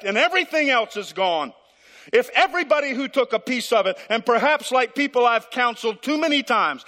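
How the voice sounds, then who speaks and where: High-voiced pastor preaching in a hall. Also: male voice, sharp tone. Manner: dramatic, acts out dialogues with God. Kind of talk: sermon. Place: church. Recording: live hall reverb.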